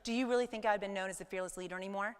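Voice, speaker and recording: A woman in her forties giving a motivational talk to a live audience, telling stories in an animated way and acting out her own thoughts. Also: medium pitch, racing, clear, resonant tone, in a large hall. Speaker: business speaker.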